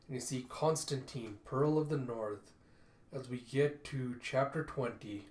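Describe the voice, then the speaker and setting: A man's voice: medium pitch, measured pace, a little mellow. A man narrating a comic book read-through in a casual, chatty way. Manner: casual, chatty, repeats "and you see". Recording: roomy echo.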